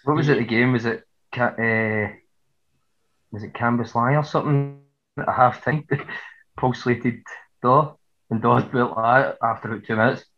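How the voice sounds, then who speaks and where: A man's voice: mid-range voice, steady tone, a little slow, fairly bright tone, dull audio. A man with a Scottish accent, a football club captain speaking as a guest in a laid-back, laughing way. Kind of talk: casual chat.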